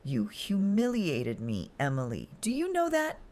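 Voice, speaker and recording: A woman voicing a cruel, contemptuous man who mocks in a calm, drawn-out way, in a story read aloud. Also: medium pitch, voice pushed up. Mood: cold mockery. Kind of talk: scripted story narration.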